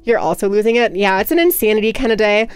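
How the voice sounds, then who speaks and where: A young woman livestreamer chatting casually with her viewers, talking rapidly and nonstop with hyperactive energy. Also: mid-range voice, lively intonation, smooth, dry recording, faint music behind. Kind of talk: casual chat with stream viewers.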